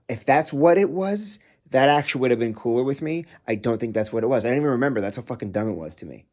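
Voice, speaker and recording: A man's voice: mid-range voice, expressive, fast, hardly any pauses, darkish tone. A man in his thirties from the United States, ranting casually about a film into his phone while cooking at home, swearing often and rambling. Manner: swears a lot, rambling and exasperated. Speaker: vlogger reviewing a film. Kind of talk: casual rant.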